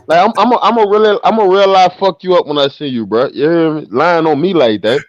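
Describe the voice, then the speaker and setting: A man calling into a live stream, loud and profane, joking threats at the host. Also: a little high, fast talker, no room sound, dull audio. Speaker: caller on the panel.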